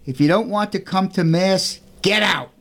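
A man voicing a rough, mean church caretaker in a told story. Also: high voice, normal speed, fairly bright tone, voice pushed up. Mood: harsh.

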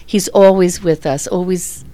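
A woman's voice: fairly low pitch, steady tone, measured pace, warm tone. A middle-aged woman earnestly telling a personal faith story, often laughing as she speaks. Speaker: guest.

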